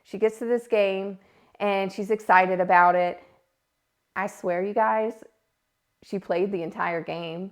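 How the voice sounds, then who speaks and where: A woman in her thirties hosting a podcast, telling a personal story in a casual, animated way. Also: medium pitch, slow, pauses often. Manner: animated, acts out her own yelling and quotes. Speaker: podcast host.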